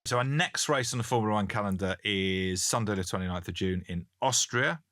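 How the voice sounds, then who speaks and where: A man's voice: on the low side, a little fast, over music. A British man co-hosting a podcast in casual chat, joking and reading out listener messages. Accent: British English. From Britain. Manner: jokey, reads listener messages aloud. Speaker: podcast co-host. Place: Canada.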